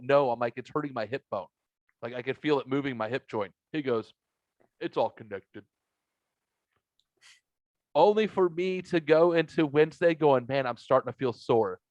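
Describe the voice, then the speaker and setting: A man at a mid-range pitch tells a long, profane story on a podcast, putting on the voices of everyone in it. The sound is dry and a little dull and lo-fi, as if recorded in a basement room at home. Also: no echo. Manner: profane storytelling, acts out both sides of conversations. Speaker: podcast host. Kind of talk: casual chat.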